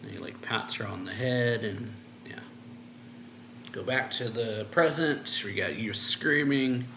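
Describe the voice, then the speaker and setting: A man hosts his own manga review channel and talks through a chapter's scenes in a relaxed, loose recap. His voice sits in an ordinary middle pitch. He strings the retelling together in an easy, rambling way. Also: unhurried, slight background noise. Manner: loose and rambling, retelling scenes with many "and then, yeah" fillers. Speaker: anime and manga reaction reviewer.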